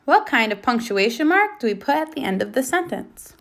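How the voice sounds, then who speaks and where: Woman, first grade teacher on video, high bright voice, patient question-and-answer delivery. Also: big pitch swings, a little fast, gravelly. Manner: patient, asks questions then confirms answers.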